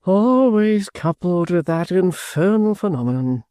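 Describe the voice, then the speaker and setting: A man voicing an anxious, fussy actor with a high, plaintive delivery. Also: lively intonation, a little slow, warm tone, clear, resonant tone, no room sound, clean studio sound. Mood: fretful.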